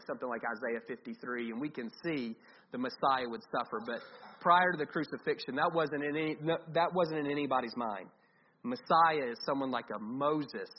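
Man, pastor's sermon, thinking aloud, faint hiss behind. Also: medium pitch. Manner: conversational, thinking aloud with restarts. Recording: dull, slightly lo-fi with faint noise.

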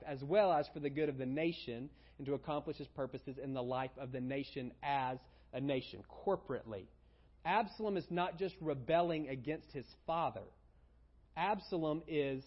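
A man's voice: on the high side, dull audio. A man preaching as a pastor, reading scripture aloud and then explaining it in a conversational way. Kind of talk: sermon.

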